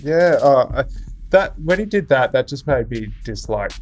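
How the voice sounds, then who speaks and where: A man's voice: medium pitch, lively intonation, moderate pace, soft background music. Chatty man reacting with opinions. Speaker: podcast co-host. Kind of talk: casual chat.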